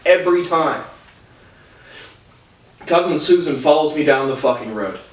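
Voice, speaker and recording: A man's voice: a little high, expressive. A man angrily ranting through a personal story, swearing constantly and stumbling over restarts. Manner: profane, agitated, heavy swearing; halting restarts. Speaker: vlogger. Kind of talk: storytelling rant. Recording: roomy, distant mic.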